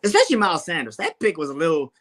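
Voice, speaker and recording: A man co-hosting a casual sports show, excitable, laughing a lot and swearing heavily. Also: fairly high pitch, racing.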